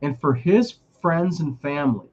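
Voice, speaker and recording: A man's voice: a little high, expressive, normal speed, darkish tone, lo-fi sound. A man co-hosting a casual chat show, talking emphatically with many restarts. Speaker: podcast co-host.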